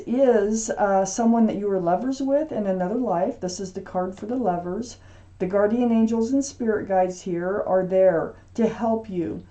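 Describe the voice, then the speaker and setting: A woman giving a casual tarot reading, speaking straight to the viewer in a gentle, reassuring way, often pausing with ums and restarting her sentences. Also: medium pitch. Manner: halting, with frequent ums and restarts. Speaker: tarot reader.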